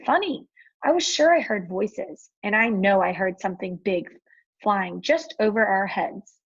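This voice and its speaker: A woman's voice: mid-range voice, unhurried, breathy edge, lo-fi sound. A woman voicing a puzzled, suspicious male night watchman in a storybook reading.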